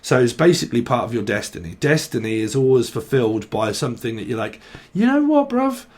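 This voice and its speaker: A man with a medium-pitched, fast voice gives a loose, playful tarot reading, joking and wandering onto tangents. He slips into silly regional voices and laughs often.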